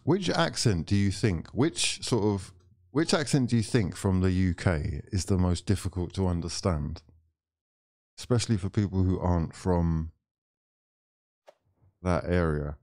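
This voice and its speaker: Young guy, low mellow voice, dry close mic, chatty football stream host, laughs a lot. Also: unhurried, pauses often, no echo. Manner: laughs often, chatty, relaxed banter. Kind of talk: casual chat reading live chat.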